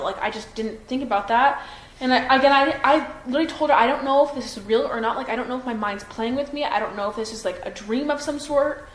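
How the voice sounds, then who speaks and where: A young woman in her twenties giving a police interview, hesitant and full of fillers and restarts. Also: fairly high pitch. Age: 20s. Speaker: witness being interviewed by police. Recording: roomy room echo with faint noise.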